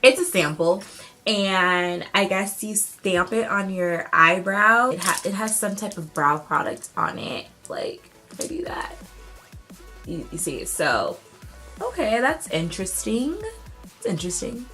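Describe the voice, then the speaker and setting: An excitable woman YouTuber talks her way through a gift unboxing at home. Her voice sits at an ordinary middle pitch, and her chat is loose and full of slang. Soft music plays faintly underneath. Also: a little slow, poor audio. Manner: bubbly and excitable, casual slang. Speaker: beauty YouTuber. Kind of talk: casual unboxing vlog.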